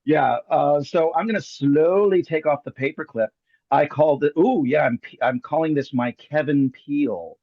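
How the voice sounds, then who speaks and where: A man's voice: on the high side, normal speed, no room sound, lo-fi sound. A man hosting a live magic show, performing a card trick over a video call with jokey, theatrical patter. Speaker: magician host.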